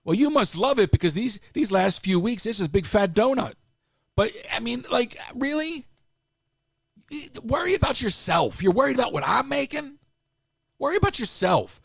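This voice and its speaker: A man's voice: very high-pitched, animated, normal speed, gravelly, breathy edge, dry recording, clean studio sound. A man hosting a live stream, ranting casually in an exasperated way and restarting his sentences often.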